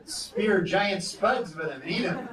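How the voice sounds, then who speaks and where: High-voiced man rambling deadpan on stage. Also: measured pace, recorded from a distance, heavy background noise. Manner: rambling, deadpan delivery with many "you know"s. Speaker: stand-up comedian. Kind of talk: stand-up comedy set. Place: comedy club stage. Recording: echoey live club recording with loud crowd laughter. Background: audience laughing.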